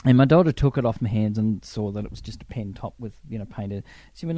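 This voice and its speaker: A middle-aged man, a former film crew member, telling lively anecdotes in a casual interview and acting out the voices of the people he quotes. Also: mid-range voice, a little fast, few pauses, dry recording.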